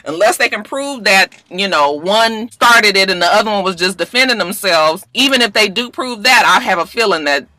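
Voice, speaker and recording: A woman hosting a celebrity gossip show, talking bluntly and casually with plenty of slang and swearing, moving from somber news to excited retelling. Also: mid-range voice, normal speed, few pauses, dry recording.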